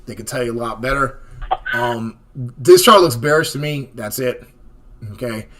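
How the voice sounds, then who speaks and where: A man hosting a live trading stream, talking through stock charts in a casual, animated way and often checking in with "okay?" and "right?". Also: medium pitch, moderate pace. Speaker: stock chart analyst host.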